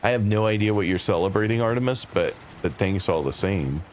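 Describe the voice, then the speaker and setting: A man's voice: on the low side, fairly quick, a little hiss or hum. A man casually chatting with his viewers while playing a game on a live stream. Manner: relaxed, chatty, talks to chat by name.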